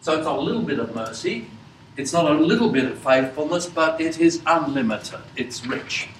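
A man teaching a Bible class, asking his listeners questions and pausing often with fillers. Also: a little high, lively intonation, echoey room, far from the mic, a little hiss or hum, poor audio. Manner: slow, questioning, many fillers.

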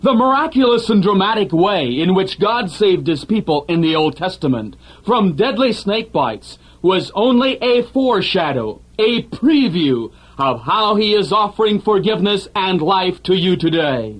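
A man delivering a scripted radio sermon in an earnest, measured preaching manner. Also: high-pitched, sing-song, low-quality recording.

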